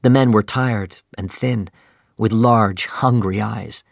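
A man narrating a simplified sea novel in a slow, clear, even storytelling manner. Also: fairly low pitch, dry recording, studio quality. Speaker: audiobook narrator.

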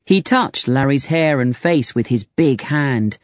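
A man narrating a storybook in a clear, deliberate reading voice. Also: medium pitch, lively intonation, no echo.

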